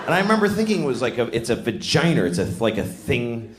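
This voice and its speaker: A man's voice: medium pitch, big pitch swings, fast talker. A man in his forties from Boston doing crude, rambling, self-mocking stand-up on a club stage into a handheld mic. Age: 40s. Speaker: stand-up comedian. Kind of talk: stand-up comedy. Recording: echoey live club with crowd noise.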